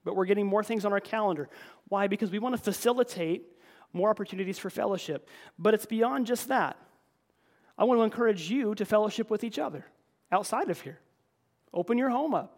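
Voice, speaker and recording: This high-voiced pastor speaks fairly quickly as he preaches in church. His sermon is conversational and earnest, full of repeated words, and he keeps calling the congregation folks.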